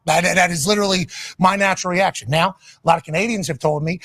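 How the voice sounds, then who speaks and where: A man's voice: high voice, quick pace, a bit bright. A man from Pittsburgh giving a blunt, profane, rambling on-air monologue. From Pittsburgh, Pennsylvania, USA.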